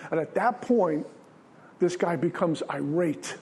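Man, slightly high register, sincere plainspoken storyteller sharing a spiritual testimony at a recovery meeting. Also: moderate pace, darkish tone. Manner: earnest storytelling with plain everyday wording.

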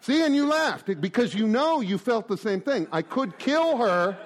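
A man around sixty giving a joking, animated talk to a recovery group, full of rhetorical asides. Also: very high voice, unhurried. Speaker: recovery meeting speaker.

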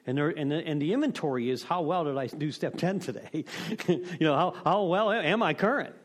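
A man's voice: fairly high pitch, lively intonation, brisk. A middle-aged man giving a candid, rambling talk on recovery steps, full of self-deprecation and "you know.". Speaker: recovery meeting speaker.

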